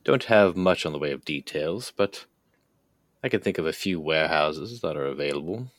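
A sly businessman with a very deep voice, striking deals in an unhurried, knowing manner, as a player voices him. The sound is dry and close. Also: expressive, no echo. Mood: smooth. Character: smooth, scheming male businessman.

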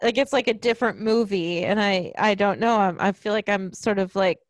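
A woman's voice: mid-range voice, brisk, no echo. A woman co-hosting a casual podcast chat, telling rambling stories and laughing often. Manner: rambling storyteller, giggly. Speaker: podcast co-host.

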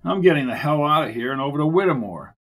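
A man's voice: on the high side, lively intonation, quick pace, a bit bright. A man reading the lines of a grumpy, sarcastic male detective in a clipped manner. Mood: gruff sardonic.

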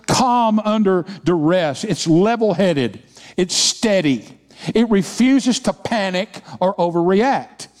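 A man's voice: a little high, a little mellow. Emphatic preaching man in a reverberant hall. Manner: emphatic preaching with repeated phrases and call-and-response. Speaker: senior pastor. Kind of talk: sermon. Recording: long reverb of a large hall.

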